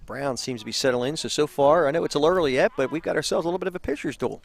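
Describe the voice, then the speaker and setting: A man calling a college baseball game play by play from beside the field, easygoing and quick to laugh. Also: fairly high pitch, creaky. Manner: easygoing, laughs often with co-commentator. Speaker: play-by-play announcer. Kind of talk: live baseball commentary. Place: outdoors beside a ball field.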